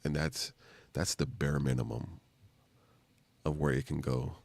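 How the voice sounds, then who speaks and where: Super deep gravelly guy rambling on a live stream, lots of "like" and "man". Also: fairly even intonation, a little slow, darkish tone, no echo. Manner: rambling, loose slang with many fillers. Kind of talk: casual live-stream commentary.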